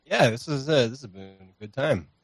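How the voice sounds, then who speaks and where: A man's voice: medium pitch, lively intonation, normal speed, breathy edge, dry recording. A man talking as a podcast guest in a loose, rambling, profane and self-deprecating way, recorded on a home streaming mic. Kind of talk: casual chat.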